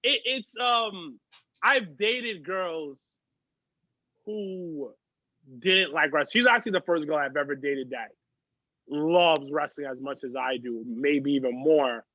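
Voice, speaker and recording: A man's voice: on the high side, slow, dry recording, dull audio. A man, a guest on a podcast, telling stories in chatty, profane casual conversation. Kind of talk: casual chat.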